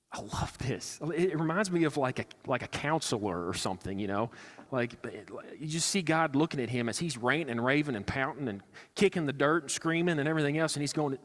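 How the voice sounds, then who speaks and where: A man's voice: on the high side, lively intonation, brisk, a bit bright. Conversational preacher man in a reverberant church. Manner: conversational, acts out quotes with sarcasm. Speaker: pastor. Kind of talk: sermon. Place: church sanctuary.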